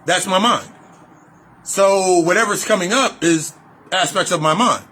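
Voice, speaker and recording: A man's voice: sits high, measured pace, bright, forceful tone, husky. A man giving a casual, profane spiritual talk in loose run-on sentences, repeating phrases for emphasis. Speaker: spiritual reader and life coach. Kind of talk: freewheeling spiritual monologue.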